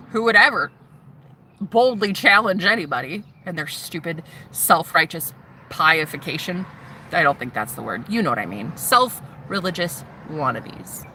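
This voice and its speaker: A woman vlogger telling her personal story to camera, animated and sassy, swearing freely and calling the viewer "honey". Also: mid-range voice, a little hiss or hum. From United States. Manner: swears freely, shouts mocking retorts.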